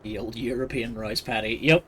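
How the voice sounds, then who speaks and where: A man's voice: medium pitch, steady tone, moderate pace, slight background noise. A man giving casual, sardonic commentary while streaming a game. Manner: dry, sardonic, wandering. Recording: voice over loud game music.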